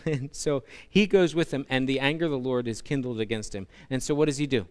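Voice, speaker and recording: Brief: male pastor, animated storytelling sermon, smooth resonant voice. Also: mid-range voice, fairly quick. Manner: animated storytelling with humorous asides.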